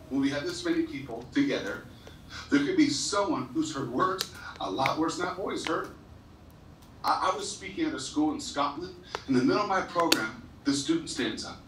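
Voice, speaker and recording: His voice is a little high and fairly bright, with a faint hiss or hum on the recording. This man, a motivational speaker, gives students a heartfelt, story-driven talk in a large school hall or gym, tripping over words and repeating himself when feelings run high. The mic is far off, so the hall sounds echoey.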